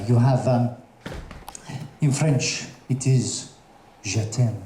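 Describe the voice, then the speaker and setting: A man doing a stand-up comedy set on a theatre stage, telling jokes in a hesitant, halting way with many fillers. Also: medium pitch, animated, dark tone, slight background noise. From Russian parents, raised in Colombia. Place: theatre stage before a live audience. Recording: echoey theatre with audience ambience.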